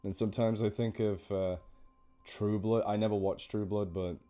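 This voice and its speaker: A man with a fairly low, mellow voice talks casually on a live stream, rambling a little and poking fun at himself. He thanks donors warmly by name between horror readings. Soft music plays faintly behind him. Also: flat delivery, normal speed. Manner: rambling, self-deprecating, chatty. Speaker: horror story narrator on a charity live stream. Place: indoors at home.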